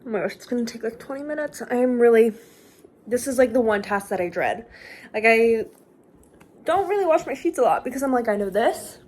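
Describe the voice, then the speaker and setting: A woman's voice: on the high side, expressive, brisk, a little mellow. Chatty young woman vlogging on a phone. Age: 20s. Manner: chatty, lots of "like", acts out quotes. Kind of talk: casual vlog chat.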